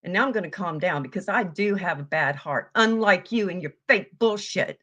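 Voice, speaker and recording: A woman giving a heated, profane commentary rant, yelling at times. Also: lowish voice, normal speed. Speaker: online commentator.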